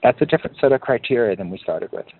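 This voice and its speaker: A man leading a group coaching call, talking in a calm, encouraging way and lifting his pitch to stress a point. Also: quick pace, a little hiss or hum. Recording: narrow phone-like line.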